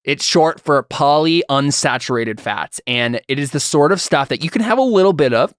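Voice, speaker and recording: A man's voice: on the high side, animated, moderate pace, smooth, dry recording, clean studio sound, natural voice. A man voicing a hearty, bossy middle-aged father who lectures in a folksy way and keeps asking "all right?". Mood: lecturing.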